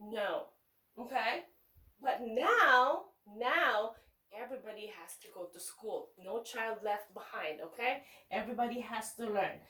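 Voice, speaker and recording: A woman teacher reading a picture book aloud to young children in slow, sing-song teacher talk, checking in with them often. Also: fairly high pitch, pushed and bright, distant mic. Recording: echoey room, voice away from the mic.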